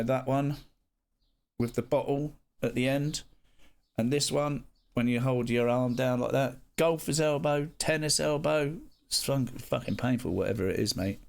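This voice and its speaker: A man's voice: medium pitch, vocal fry. A man, live streaming and chatting casually with his viewers, greeting them by name and swearing freely. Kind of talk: casual chat reading live chat.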